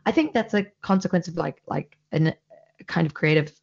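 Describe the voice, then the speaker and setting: A South African podcast host with a South African accent, slightly tipsy, chatting in a relaxed, joking way. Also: medium pitch, moderate pace, vocal fry, muffled recording. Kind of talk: casual interview chat.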